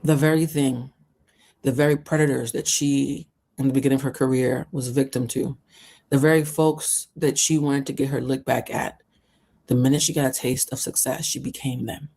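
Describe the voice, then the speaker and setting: Commentary vlogger, heated, indignant storytelling, acted-out quotes, mid-pitched voice. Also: fairly even intonation, normal speed, a little mellow.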